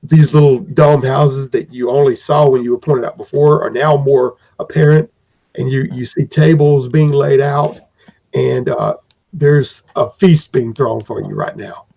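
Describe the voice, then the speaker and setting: Gravelly-voiced man narrating as game master. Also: medium pitch, fairly even intonation, unhurried, mellow. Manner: rambling, with many fillers and restarts. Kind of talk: improvised tabletop game narration. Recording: dull lo-fi recording.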